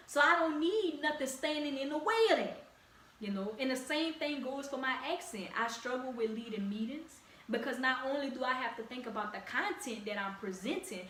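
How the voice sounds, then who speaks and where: Louisiana lady doing her podcast, kinda high voice, chatty n encouraging, roomy echo. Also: fairly bright tone. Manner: direct, encouraging, conversational with slang. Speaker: podcast host. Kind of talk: casual solo podcast talk. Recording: echoey room, distant mic, faint ambient noise.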